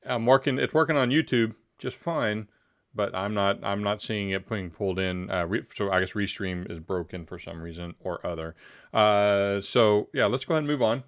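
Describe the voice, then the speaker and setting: A man's voice: fairly low pitch, moderate pace. A man hosting a casual livestream interview, chatty and joking as he asks personal questions.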